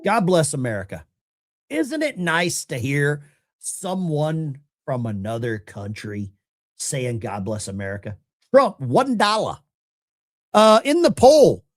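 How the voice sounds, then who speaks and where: Lively, chatty male call-in host. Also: fairly high pitch, unhurried. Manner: animated and chatty, often rambling. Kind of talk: casual live-stream call-in talk.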